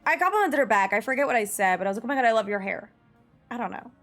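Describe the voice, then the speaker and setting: A woman's voice: a little high, expressive, racing, fairly bright tone, soft background music. Giggly young woman streamer chatting. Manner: chatty, giggly storyteller, reads chat aloud. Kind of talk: casual stream chat while gaming.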